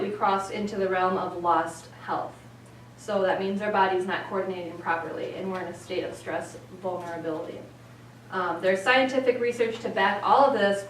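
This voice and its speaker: A woman explains her topic in a steady, even voice with occasional fillers. She is recorded from a distance in an echoey room with a faint hum behind her. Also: mid-range voice. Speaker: presenter. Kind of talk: explanatory presentation.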